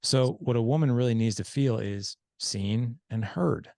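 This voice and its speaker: A man's voice: mid-range voice, measured pace, vocal fry, no room sound, studio quality. A man speaking as a podcast guest about fatherhood, explaining points earnestly and acting out the dialogue in his stories. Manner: animated storyteller who acts out quoted dialogue. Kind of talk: casual podcast conversation.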